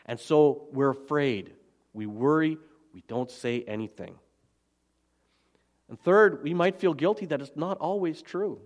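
A pastor preaching a sermon in an earnest, emphatic manner, slowing down and repeating key phrases. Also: male voice, a little high, lively intonation.

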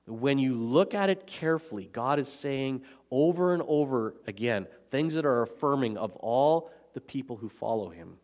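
Pastor, man, mid-pitched voice: earnest, emphatic sermon delivery with slow repetition. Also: lively intonation, a little mellow. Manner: earnest, emphatic, repeats key phrases slowly.

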